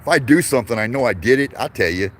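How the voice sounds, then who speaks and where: A man's voice: mid-range voice, expressive, fast, slight background noise. A man telling a long casual story, rambling and profane, chuckling between lines. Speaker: vlogger.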